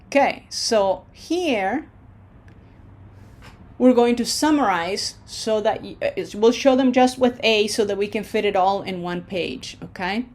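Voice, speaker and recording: A woman teacher walks learners through pronunciation drills at a slow, deliberate pace. She repeats syllables carefully and keeps asking whether they follow. Her pitch sits in an ordinary middle range. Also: darkish tone. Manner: patient, drills syllables slowly with frequent "okay?". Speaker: Spanish teacher. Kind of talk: pronunciation lesson.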